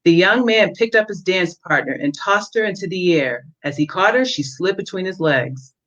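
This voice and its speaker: A woman author reading excerpts from her own novel at a measured pace, with a few fillers in between, heard through dull lo-fi audio. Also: on the low side, lively intonation, fairly bright tone.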